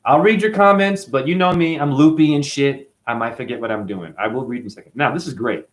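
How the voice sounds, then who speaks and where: Speaking a little fast at medium pitch, a man hosting his own channel delivers a combative, mocking, profane rant straight to camera.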